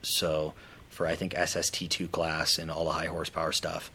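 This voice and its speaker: Engineer, man, low, bright voice, animated casual talker. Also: normal speed, slight background noise. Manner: animated, acts out quoted voices. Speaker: parts manufacturing engineer. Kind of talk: casual chat.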